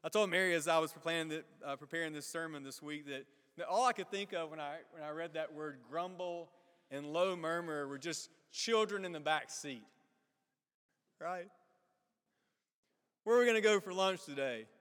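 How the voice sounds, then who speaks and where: A pastor preaching, with a fairly high voice. He asks his listeners questions and voices the characters of the story as he goes. His words ring on with the long reverb of a big church hall. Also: normal speed, fairly bright tone. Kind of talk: sermon.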